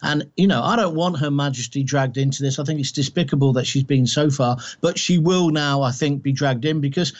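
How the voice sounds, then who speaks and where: Male guest from the Midlands, heated pundit, high voice, muffled lo-fi line. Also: fairly quick, few pauses. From English Midlands. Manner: combative, emphatic, ranting. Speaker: political commentator guest. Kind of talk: heated political commentary.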